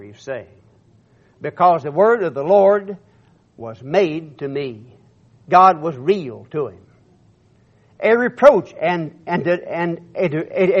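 Male preacher, high voice, declaiming scripture with stammering repeats, muffled lo-fi sound. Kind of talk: sermon reading scripture with commentary.

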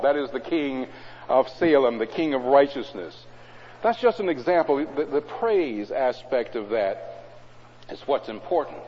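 A preacher giving a sermon in a church. He reads scripture loudly and drops to low, conversational asides. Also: expressive, normal speed. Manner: swings between loud scripture reading and low conversational asides. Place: church hall. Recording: dull, echoey hall recording.

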